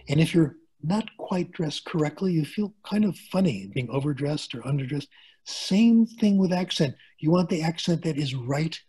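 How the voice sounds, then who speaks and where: Older male professor on a webinar: husky, conversational, fond of jokes and everyday examples. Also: fairly high pitch, darkish tone. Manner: chatty, joking asides, plain examples. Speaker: guest speaker, linguistics professor. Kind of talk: webinar lecture answering questions. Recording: video call.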